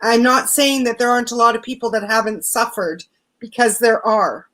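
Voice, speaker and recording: A woman hosting a women's circle, speaking calmly and reflectively about prayer, quiet and sisterhood on a live video call. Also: a little high, poor audio. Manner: calm, affirming, unhurried. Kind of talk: reflective spiritual talk.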